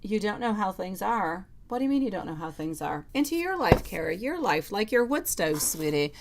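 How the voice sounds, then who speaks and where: Gravelly-voiced woman reading tarot live. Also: medium pitch, animated, normal speed, background noise. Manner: affectionate, calls viewers sweetie and lovely; reads out chat comments and answers them. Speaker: tarot reader.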